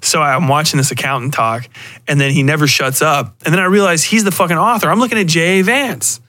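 Profane rambling man with a bright voice. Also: on the high side, a little fast, no echo, studio quality. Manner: profane, rambling, animated, frequent restarts. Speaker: podcast host. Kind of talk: casual solo rant.

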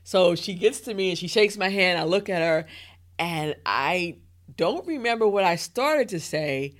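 A woman in her thirties, a guest in an interview, telling a personal story in a lively way and acting out her own thoughts and other people's words. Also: fairly low pitch, unhurried. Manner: lively, acts out inner thoughts and quotes.

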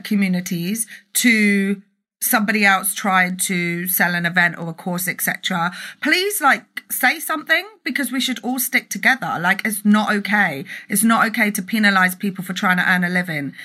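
A woman's voice: medium pitch, sharp tone. A woman, an entrepreneur and mentor, giving a passionate live-stream rant to an online group, emphatic and swearing freely, recorded on a phone or webcam. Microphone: phone or webcam for a live video.

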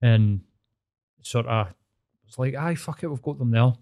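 A man's voice: mid-range voice, a little slow, a little mellow. Man, Glaswegian accent, casual storytelling, rambling, swears a lot, earnest. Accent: Scottish, Glaswegian.

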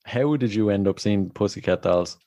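A man's voice: on the low side, normal speed, mellow, dry recording, clean studio sound. A man hosting a casual interview chat, asking questions and laughing often at his guest's stories. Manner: laughs often, short reactions. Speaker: podcast host.

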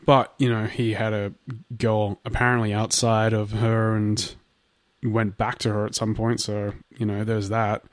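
A man's voice: on the low side, level tone, measured pace, dry recording. A young Australian man co-hosting a podcast, talking in a laid-back, wry way with casual swearing. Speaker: podcast co-host. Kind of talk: casual chat.

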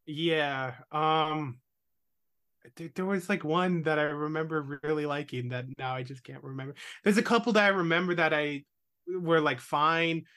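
A man's voice: on the high side, moderate pace, fairly bright tone, smooth. A man hosting a podcast, chatting casually about episodes with many ums and casual swearing. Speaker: podcast host. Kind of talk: casual chat.

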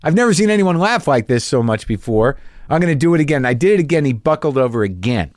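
A middle-aged man, a podcast host and comedian, telling a stage story in a casual rambling monologue, stumbling over repeated words and jumping up in pitch when he acts out people from the crowd. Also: sing-song, fast talker, a little mellow, no room sound, studio quality. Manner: voice rises sharply when acting out audience members.

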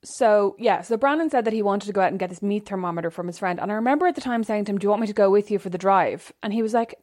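Fast-talking chatty young woman. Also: medium pitch, darkish tone. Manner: chatty storyteller, acts out quotes animatedly. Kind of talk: casual chat.

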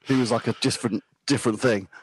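A man's voice: mid-range voice, fairly even intonation, fast talker, a little hiss or hum, low-quality recording. Rambling man in his fifties. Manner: rambling, self-deprecating, laughs easily. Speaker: podcast guest. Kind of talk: casual chat about music.

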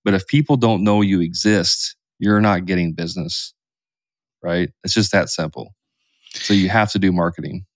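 A man's voice: low voice, normal speed, no room sound, studio quality. A man co-hosting a podcast, talking casually with many fillers. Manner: conversational, many fillers like "you know" and "like". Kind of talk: casual chat.

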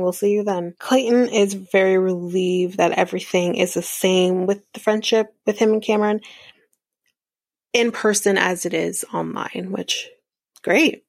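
Woman podcast host, rambling casual recap, husky fry, no room sound. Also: mid-range voice, a little mellow, no echo, studio quality. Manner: chatty, rambling, many fillers and asides.

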